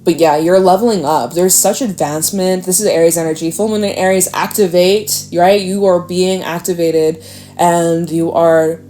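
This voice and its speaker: A woman giving a casual, chatty tarot reading, animated and talkative, now and then jumping into a high acting voice. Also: moderate pace. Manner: chatty, animated, slips into squealy acted quotes. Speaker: tarot reader.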